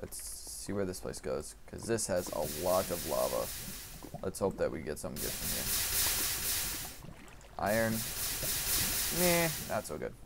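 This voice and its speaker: Excitable man muttering through gameplay. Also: low-pitched, measured pace, vocal fry, long pauses, noisy background. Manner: excitable, talks to himself, swings between mutters and shouts. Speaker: gaming youtuber. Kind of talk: gameplay commentary.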